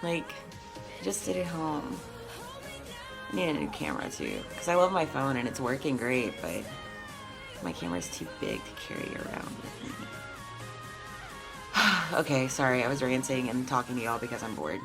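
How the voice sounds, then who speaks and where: A woman's voice: a bass voice, very animated, normal speed, gravelly, long pauses, rough recording. A woman competing in bodybuilding, talking casually to camera in a chatty, openly emotional way. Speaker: bodybuilding competitor vlogging her show day. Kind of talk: casual vlog talk to camera. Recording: background music and crowd chatter.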